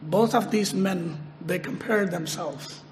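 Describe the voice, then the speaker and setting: A man preaching a sermon, slow and emphatic, repeating his phrases and lifting his voice sharply on quoted prayers. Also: high voice, long reverb tail, slight background noise.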